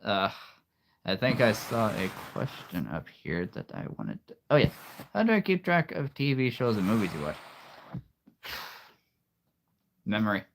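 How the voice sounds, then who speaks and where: A man in his late thirties chatting casually with viewers on a live stream, easygoing and quick to laugh. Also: lowish voice, wildly swooping pitch, gravelly, slight background noise. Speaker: streamer and voice performer.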